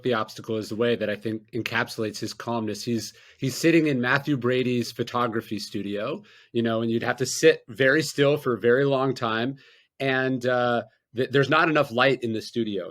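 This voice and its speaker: This man has a mid-range voice and speaks as a podcast host. He tells stories in a calm, steady, measured manner. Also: mid-range voice. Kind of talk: podcast interview.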